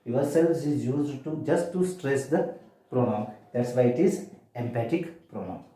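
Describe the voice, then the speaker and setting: A man's voice: medium pitch, animated, unhurried, dark tone. A man teaching a grammar lesson, asking questions and answering them himself. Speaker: English teacher. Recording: very echoey room.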